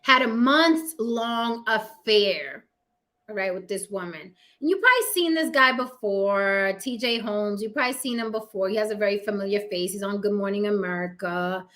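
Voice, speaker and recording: A woman's voice: medium pitch, moderate pace, fairly bright tone. A woman with a New York accent hosting a casual livestream chat, blunt, sassy and full of profanity. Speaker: host.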